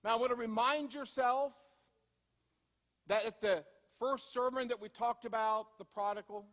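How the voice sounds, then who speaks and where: A man preaching a sermon as pastor in a church, telling everyday stories in a conversational way, slowing down to stress points and speeding through asides. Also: very high voice, steady tone, a bit bright, big-room sound. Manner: conversational storytelling, shifting from slow emphasis to quick asides. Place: church sanctuary.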